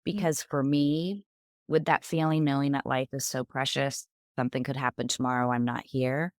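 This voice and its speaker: Animated middle-aged woman telling stories. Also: rumbling low, moderate pace, no echo, clean studio sound. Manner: animated, acts out quoted dialogue. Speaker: guest, author and business owner. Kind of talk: conversational storytelling.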